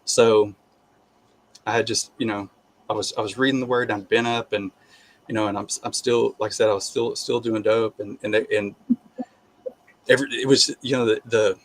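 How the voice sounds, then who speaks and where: A man sharing a personal faith testimony in a casual, halting way, with frequent restarts and bursts of animated laughter. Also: lowish voice.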